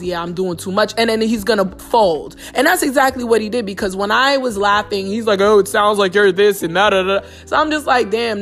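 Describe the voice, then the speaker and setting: A woman's voice: mid-range voice, a bit bright. A young woman with a New York accent hosting a podcast, bluntly retelling a personal story in a casual, profane monologue full of slang. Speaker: podcast host.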